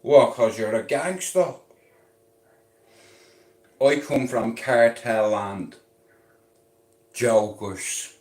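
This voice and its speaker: A man's voice: medium pitch, extremely slow, pauses often. A man with an Irish accent rambling on a live stream, intense and swaggering, swearing and repeating questions at his viewers. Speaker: livestreamer. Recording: roomy echo.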